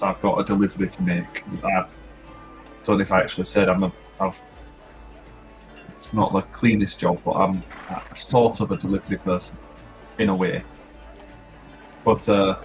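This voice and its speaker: A man, chatting as a player in a tabletop game, rambling and laughing often. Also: deep voice. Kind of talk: casual chat playing a tabletop game.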